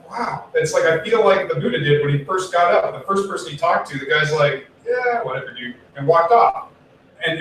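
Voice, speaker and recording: A man giving a relaxed, conversational Buddhist sermon, telling a story and acting out the people in it. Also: a little high. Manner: chatty, acts out quoted voices, swears casually. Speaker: Buddhist minister. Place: temple hall. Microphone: distant room mic. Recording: very echoey hall, from far off, faint room noise.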